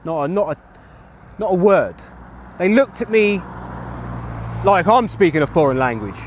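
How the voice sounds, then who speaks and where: A man's voice: sits high, sing-song, a little slow. A man in his thirties, livestreaming outdoors to his chat, rambling and chatty as he talks on a phone mic. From England. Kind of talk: live street streaming to chat. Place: outdoors on a street with traffic. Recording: street traffic noise behind.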